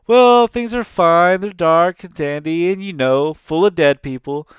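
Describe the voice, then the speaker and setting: A man voicing a sarcastic male god of the underworld, snide and joking, in a quick retelling of a cartoon. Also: a little high, smooth, dry recording, lightly acted.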